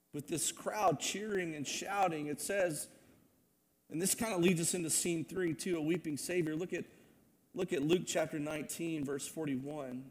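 A man preaching a sermon, moving between loud proclamation and hushed, earnest asides. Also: fairly high pitch. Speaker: pastor.

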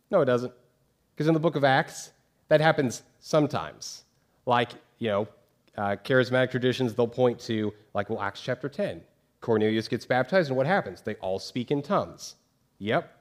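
A man preaching in a relaxed, chatty way, with plenty of "you know" and "like." His pitch sits in the middle of the range, and he talks to the congregation as if they were friends. He keeps posing rhetorical questions to the room. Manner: casual, uses many fillers, rhetorical questions to congregation. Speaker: pastor. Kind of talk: conversational sermon.

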